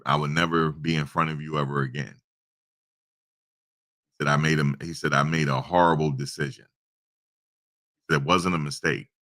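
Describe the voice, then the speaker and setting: The voice is a man's, rumbling low yet bright, with forceful delivery. He hosts a casual YouTube livestream, relating a story in a chatty, repetitive manner punctuated by preachy asides.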